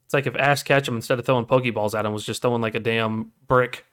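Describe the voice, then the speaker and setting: A man's voice: medium pitch, fast, clean tone. A man in his thirties, a podcast co-host, telling stories in casual chat and acting out the voices of the people in them. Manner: animated storytelling, acting out quoted voices.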